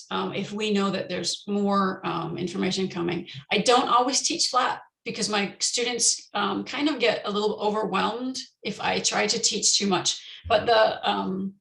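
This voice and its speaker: Woman lecturer, gravelly voice, patient explaining, echoey room. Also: mid-range voice, a bit bright. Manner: explanatory, many "um" pauses, slows down to model example sentences. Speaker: teacher trainer presenting a conference session. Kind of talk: online lecture.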